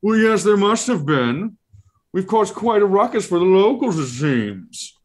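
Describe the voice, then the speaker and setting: A pompous, genteel floating eye monster from a tabletop game, fussy and old-fashioned in its manners, as a man puts it on. The voice sits higher and louder than an everyday man's. Its phrasing stays polite and airy. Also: sing-song, unhurried, exaggerated voice.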